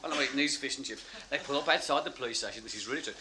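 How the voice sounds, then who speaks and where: A man telling a story in stand-up, animated and laughing as he talks. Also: medium pitch, racing. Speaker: comedian. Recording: loud noisy live recording.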